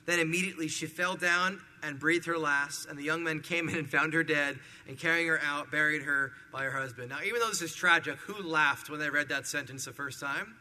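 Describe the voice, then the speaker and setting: A man preaching a sermon verse by verse, with animated, acted-out retellings of the story. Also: a little high, a little fast. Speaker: pastor. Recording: hall reverb.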